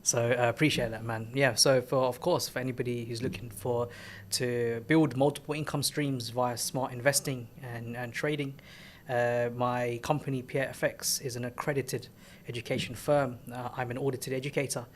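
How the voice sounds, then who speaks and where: Male host, mid-pitched, relaxed and encouraging, faint background rumble. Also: moderate pace, hardly any pauses. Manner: warm, encouraging, many fillers. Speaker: podcast host, trading educator. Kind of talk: casual chat.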